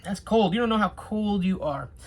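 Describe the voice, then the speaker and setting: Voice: medium pitch, lively intonation, normal speed, darkish tone, slight background noise. A TV reviewer chatting casually through an episode, with sarcastic asides and rambling restarts.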